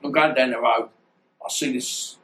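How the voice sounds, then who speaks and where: A man, telling stories in an interview in a rambling, animated way and acting out the dialogue. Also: medium pitch, normal speed, poor audio. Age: 50s. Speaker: guest, former boxer. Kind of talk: storytelling interview.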